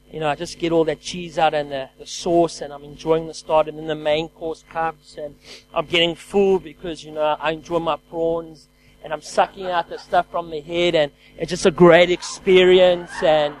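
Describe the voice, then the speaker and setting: A man preaching a lively sermon who calls out to his congregation and swings between loud exclamations and quiet, hushed lines. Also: fairly high pitch, a little hiss or hum, poor audio. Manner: energetic call-and-response preaching.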